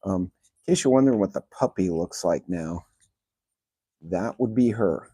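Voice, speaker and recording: A man on a laid-back livestream, his low voice dark and mellow. He rambles along between dog commands and greetings to the chat. The sound is dry and close, with almost no room around it. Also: animated, moderate pace, breathy edge, no echo. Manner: chatty, talks to his dogs and reads out chat names. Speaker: channel host. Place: yard of a rental house, outdoors. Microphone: phone on speaker.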